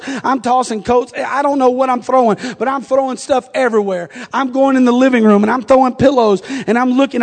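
A man in his forties, a pastor preaching a sermon, telling a humorous family story that builds into fervent, shouted appeals. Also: very high-pitched. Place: church sanctuary. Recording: long reverb of a church sanctuary.

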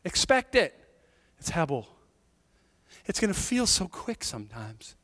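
A male pastor preaching a sermon in a church, conversational and animated, with jokes and asides to the congregation. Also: high-pitched, unhurried, in a large hall. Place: church sanctuary.

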